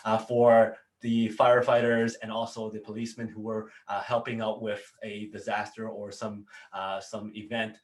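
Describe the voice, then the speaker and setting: A man hosting a motivational business talk, speaking earnestly with repetitive phrasing and frequent fillers. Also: fairly low pitch. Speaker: business coach and show host.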